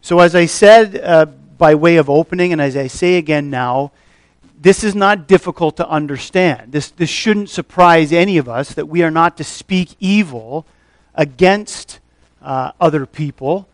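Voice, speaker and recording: A man preaching a sermon to his congregation, explaining a scripture passage in a measured teaching way with frequent pauses and fillers. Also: fairly high pitch, no room sound. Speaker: pastor.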